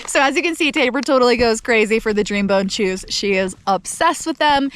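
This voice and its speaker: A woman's voice: on the high side, a little fast, a little hiss or hum. A young woman vlogging casually outdoors by a mountain lake, chatty and upbeat, talking to the camera and giving commands to her dog. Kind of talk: casual vlog talk to camera.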